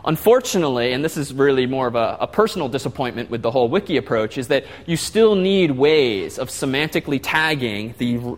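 A man giving a classroom lecture, explaining step by step and putting questions to the class. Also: a little high.

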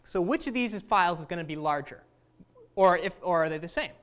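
A woman's voice: fairly low pitch, animated, a little fast. Woman teaching a class. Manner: conversational, asks the class questions, says "right?" often. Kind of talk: classroom lecture.

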